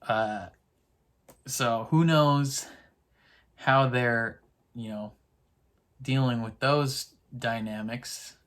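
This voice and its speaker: A man's voice: medium pitch, very slow, pauses often, a bit bright. A man casually recapping a TV episode in a rambling, chatty way, full of fillers. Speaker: TV episode reactor.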